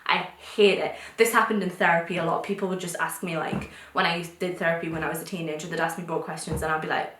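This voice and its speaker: A young woman from North East England with a posh English accent, talking candidly to camera in quick bursts with restarts. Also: fairly low pitch, steady tone, a bit bright. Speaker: vlogger. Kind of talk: casual talk to camera. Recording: echoey room.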